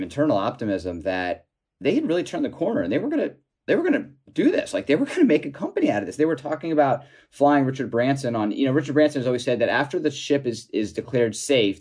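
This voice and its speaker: A man telling a story as an interview guest, halting with many restarts and chuckling now and then. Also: medium pitch, husky. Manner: animated, chuckling while telling anecdotes. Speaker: author and guest.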